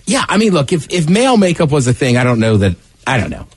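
A man's voice: on the high side, fast, slightly rough, no echo. A man co-hosting a radio show, telling jokey stories in casual banter. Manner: animated, jokey storyteller.

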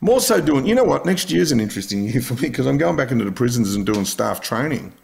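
Aussie bloke with a gravelly voice, swears a lot, laughs through his prison yarns. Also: mid-range voice, very animated, quick pace. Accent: Australian. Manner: blunt, swears constantly, laughs while telling stories. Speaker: podcast guest. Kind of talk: casual storytelling interview.

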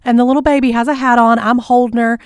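A woman's voice: on the high side, flat delivery, fast talker, darkish tone, no room sound, clean studio sound. A woman in her thirties co-hosting a podcast, retelling stories in an emphatic, exasperated way. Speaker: podcast co-host. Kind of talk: casual chat.

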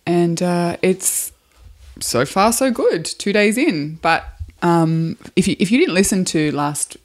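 A woman's voice: lowish voice, slow pace. A woman co-hosting a casual podcast, upbeat and chatty, explaining things at length. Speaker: podcast co-host.

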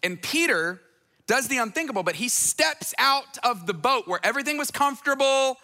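A pastor delivers a conversational sermon, now and then dropping into playful voices for the people he quotes. His voice sits high and bright. A long hall reverb trails after each phrase. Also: animated, normal speed.

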